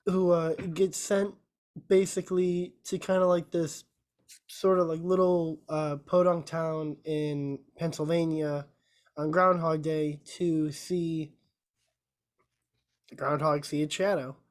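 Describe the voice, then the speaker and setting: A woman's voice: sits low, steady tone, slow pace, a little mellow. A woman co-hosting a podcast, casually retelling a movie plot with lots of filler words. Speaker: podcast co-host. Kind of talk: casual chat.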